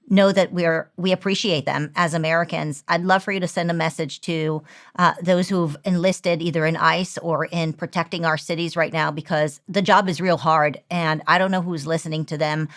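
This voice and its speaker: A woman's voice: deep voice, a bit bright. A woman hosting an interview, putting direct, leading questions to her guest. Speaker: interview host.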